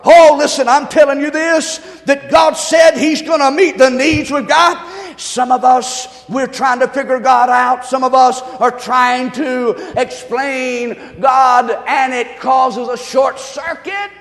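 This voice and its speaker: A male pastor preaching a sermon to his congregation, swinging from quiet, hushed lines to loud shouting. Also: very high-pitched, steady tone, slow pace, gravelly, long reverb tail. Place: large church.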